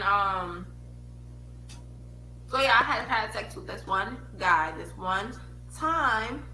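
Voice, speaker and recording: A woman's voice: a little high, bright, forceful tone, reverberant, a little hiss or hum, low-quality recording. A young woman telling a personal story in a frank, casual way, swearing freely and laughing as she goes.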